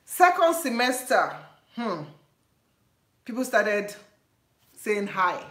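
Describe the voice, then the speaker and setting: Animated Nigerian woman telling a story. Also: mid-range voice, slow pace. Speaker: vlogger. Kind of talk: storytime vlog. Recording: echoey room.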